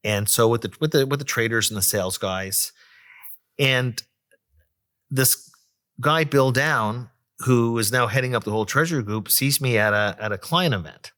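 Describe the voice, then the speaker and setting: Bright-voiced man telling a career story. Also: medium pitch, moderate pace. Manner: chatty, many fillers and restarts. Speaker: economist, interview guest. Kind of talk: conversational storytelling.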